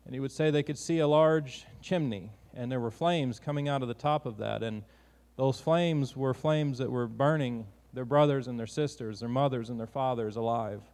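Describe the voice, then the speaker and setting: A man's voice: medium pitch, normal speed, darkish tone, big-room sound. A man preaching a sermon in an earnest, conversational way, often restarting his sentences.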